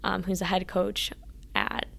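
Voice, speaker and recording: Gravelly-voiced woman telling her story. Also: fairly low pitch, expressive, measured pace, fairly bright tone. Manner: earnest, acts out past conversations with "I was like". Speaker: interview guest, former college athlete. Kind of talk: casual interview storytelling.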